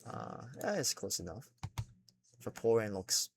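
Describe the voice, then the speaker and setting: While sketching, a young man talks casually and without a script, full of fillers and swearing, a bit self-conscious as he rambles. His lowish voice is very animated and unhurried, with a crowd audible behind him.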